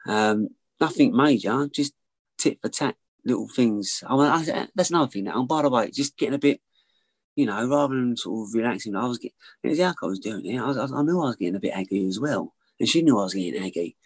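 A man's voice: medium pitch, expressive, fast, breathy edge, no echo, poor audio. A man telling a candid personal story as an interview guest, rambling, repeating himself and swearing freely.

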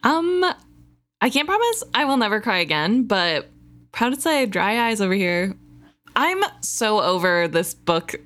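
A woman's voice: mid-range voice, big pitch swings, a little slow, a bit bright. A woman co-hosting a book podcast, chatting casually and laughing often, openly emotional. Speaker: podcast co-host.

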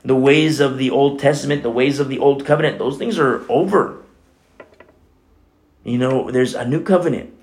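A man's voice: mid-range voice, moderate pace, long pauses, darkish tone. A man preaching a Bible teaching sermon as a pastor, talking conversationally with frequent "you know" asides.

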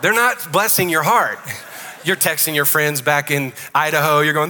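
A male pastor with a Southern US accent delivers a lively sermon, joking with his congregation. His voice is bright and forceful, a touch high for a man. The sound carries a long echo from a large church hall. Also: normal speed, a little hiss or hum. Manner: joking, animated preaching. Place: church sanctuary.

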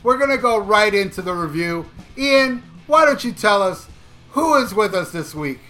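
A man hosts a rock podcast with a high, very bright, cutting voice. He talks loudly and teases his guests. Music plays underneath. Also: animated, normal speed. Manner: loud, teasing and jokey. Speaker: podcast host. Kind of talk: casual podcast banter.

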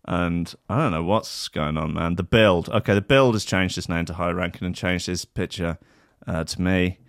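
A man's voice: deep voice, moderate pace, no room sound, studio quality. A man hosting a casual streamed podcast, rambling and sweary, with a mocking manner. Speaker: podcast host. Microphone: headphones and desk mic.

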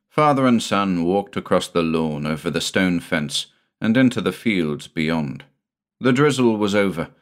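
A man narrating a vintage weird tale in a measured, expressive storytelling manner. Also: sits low.

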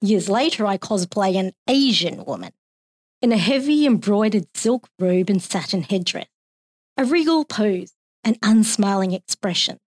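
Aussie woman reading her own poem, steady and expressive, dry sound. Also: medium pitch, unhurried, dry recording. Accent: Australian.

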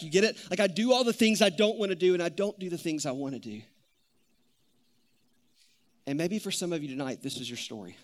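A man in his thirties preaching a sermon, telling stories in an animated, conversational way. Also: a little high. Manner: animated storytelling, conversational with many "like"s. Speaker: pastor.

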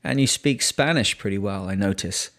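A gruff old sea captain near retirement, as a male narrator reads him, growling and bitter. The voice sits low and grumbles through every line, testy and hard to please. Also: normal speed, fairly bright tone. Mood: grumbling. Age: 60s. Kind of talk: audiobook character voice.

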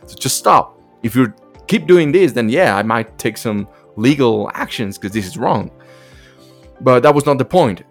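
A man's voice: medium pitch, animated, normal speed. A man hosting a podcast alone, talking bluntly and emphatically in a casual monologue, full of profanity and repetition, with faint music behind him. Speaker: podcast host.

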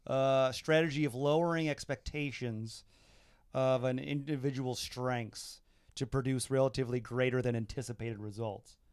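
Podcast cohost dude, clear smooth voice, asks a ton of questions, says like a lot. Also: male voice, medium pitch, fairly even intonation, darkish tone, no echo, clean studio sound. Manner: inquisitive, quick, talks with many "like"s. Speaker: podcast co-host. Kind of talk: casual chat.

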